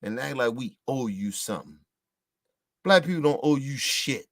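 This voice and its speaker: A man's voice: mid-range voice, animated, moderate pace, no echo, studio quality. A man from the United States delivering a heated, profane, repetitive ranting monologue as a show host.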